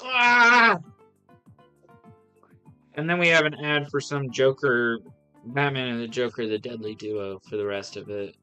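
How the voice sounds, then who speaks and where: A man's voice: mid-range voice, fairly even intonation, normal speed, bright, forceful tone, soft background music. A man casually reviewing comics on a livestream, rambling through plot recaps with lots of fillers and giving blunt, scornful verdicts.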